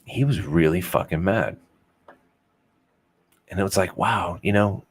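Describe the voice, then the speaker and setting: Casual podcast host, young man with a low voice, loose and rambling, profane, self-mocking humor. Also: unhurried, pauses often, slightly rough. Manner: swears freely, rambling, self-deprecating. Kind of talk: casual unfiltered chat.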